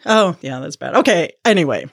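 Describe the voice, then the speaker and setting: A woman's voice: low voice, very animated, brisk, vocal fry, no echo, clean studio sound. A woman from the United States hosting a podcast, playful and joking in casual chat. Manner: playful, joking, self-mocking. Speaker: podcast host.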